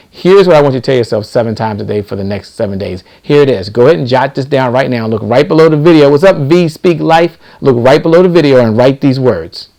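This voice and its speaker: A man's voice: medium pitch, vocal fry, darkish tone. A middle-aged man hosting a live stream, speaking in a preachy, motivational way and repeating key lines for emphasis. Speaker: host.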